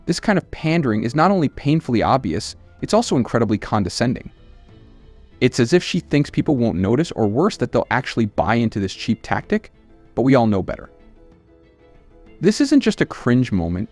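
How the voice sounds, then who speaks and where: A man's voice: mid-range voice, a little mellow. A man hosting a channel, reading scripted political commentary in a scornful, emphatic way.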